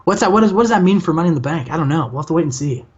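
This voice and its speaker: A man's voice: a little high, expressive, rapid-fire, a little mellow, husky, lo-fi sound. A young man hosting a gaming channel, narrating a game in casual, rambling commentary with many fillers. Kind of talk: casual let's-play commentary.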